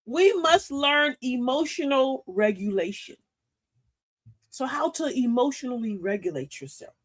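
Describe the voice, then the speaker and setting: Lively older woman hosting a talk. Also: a little high. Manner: animated, preachy, playful with slang. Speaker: host of a live talk show. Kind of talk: motivational live-stream talk.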